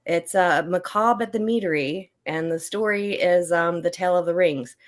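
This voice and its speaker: A woman's voice: fairly low pitch, moderate pace. An older woman, an author guest on a podcast, talking casually with frequent laughs and fillers. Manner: chatty, laughs often, many fillers and restarts.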